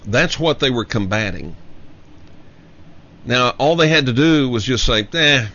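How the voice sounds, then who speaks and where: A man hosting a show, giving an emphatic solo commentary and slowly repeating his key lines for effect. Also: mid-range voice, lively intonation, fairly bright tone. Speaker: show host. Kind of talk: monologue commentary. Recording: dull lo-fi audio.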